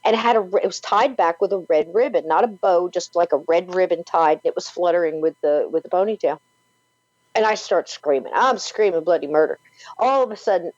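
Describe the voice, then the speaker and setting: Brief: woman guest, lowish voice, vivid storyteller with lots of "like", dull dry lo-fi recording. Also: brisk, no echo. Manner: vivid, animated retelling full of "like" and "you know". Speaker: paranormal podcaster and author, guest. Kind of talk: storytelling in an interview.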